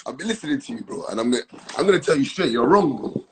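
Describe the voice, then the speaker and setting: A man's voice: mid-range voice, quick pace, background noise. A man calling into a live stream to argue insistently, tagging his points with "bro.". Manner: insistent, argumentative, lively.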